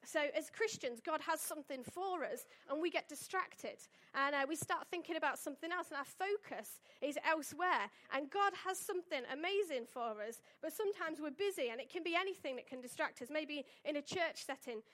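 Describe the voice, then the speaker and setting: A woman with a notably high voice delivers a church sermon in a conversational way. She talks to the congregation as if chatting with friends, full of asides and everyday phrases, and reads a Bible passage aloud along the way. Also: expressive, brisk, few pauses, a bit bright. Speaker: church speaker. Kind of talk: informal sermon with a Bible reading.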